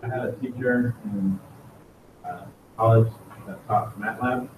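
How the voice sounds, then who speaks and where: A man's voice: medium pitch, steady tone, a little slow, a little mellow. A man in a classroom telling a dry anecdote about a former teacher. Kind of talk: casual anecdote. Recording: distant, echoey, noisy classroom audio.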